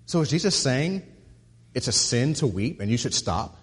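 Husky-voiced pastor preaching in a reverberant hall. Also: male voice, sing-song, moderate pace. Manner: repeats words while building to a point, drops low and soft on key phrases. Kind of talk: sermon.

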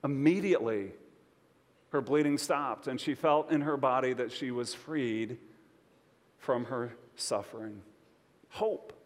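A male pastor delivering a sermon with a fairly high voice. He shifts between quiet, drawn-out emphasis and bright bursts aimed at his listeners. A long reverb from the hall follows his words. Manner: expressive preaching with conversational asides.

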